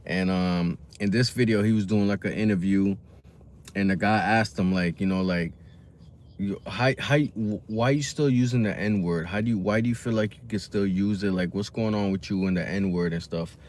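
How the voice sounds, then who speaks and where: A man's voice: lowish voice, normal speed, a little mellow, a little hiss or hum. Laid-back man in a slangy commentary. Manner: laid-back, slangy, rambling with many fillers. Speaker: reaction video host. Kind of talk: casual commentary monologue.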